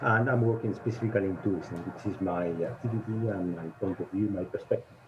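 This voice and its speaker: A man whose first language is Spanish, an advisor on a video call, speaking haltingly and searching for words. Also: deep voice, background noise. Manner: hesitant, searching for words with many fillers. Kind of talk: online panel discussion. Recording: muffled video call line.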